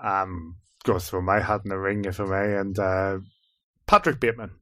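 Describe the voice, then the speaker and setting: A man hosting a casual sports podcast, leading the chat and telling lively stories. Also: low voice, moderate pace, no room sound, studio quality. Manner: animated storyteller, leads the discussion. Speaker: podcast host.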